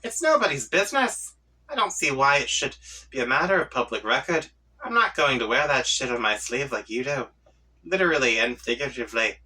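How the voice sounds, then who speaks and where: A man gives voice to a prickly young troll leader from a webcomic who rants and lectures. His pitch moves in a lively way, and his tone is bright with some husk. He sounds set back from the mic. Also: brisk, slightly rough, far from the mic, heavily acted, poor audio. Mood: ranting. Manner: prickly, ranting. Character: irritable shouty young male troll leader.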